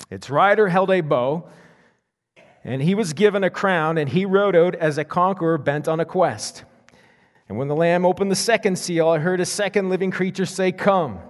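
Pastor preaching in a reverberant hall. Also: male voice, on the high side. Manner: reads scripture aloud, then explains it in casual asides. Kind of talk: sermon.

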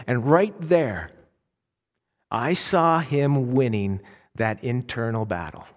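A man's voice: mid-range voice, expressive, a little slow, in a large hall. A pastor, a man, preaching a sermon in an earnest way, often restarting his sentences and breaking into storytelling asides.

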